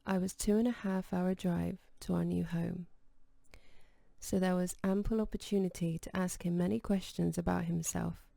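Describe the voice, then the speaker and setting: A woman reads an audiobook in a calm, measured way, her voice low, mellow, and gravelly. The scripted narration is recorded close and dry, with no room sound.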